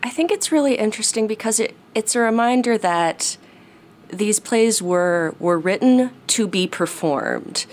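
A woman talking about performing, reflective and pausing to search for words. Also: medium pitch, expressive, darkish tone. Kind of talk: casual interview chat.

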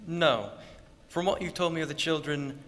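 An actor playing a quiet, generous wealthy gentleman who speaks softly, in 1940s radio acting style. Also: a little high, moderate pace, natural voice. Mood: mild. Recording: reverberant old broadcast with faint hiss.

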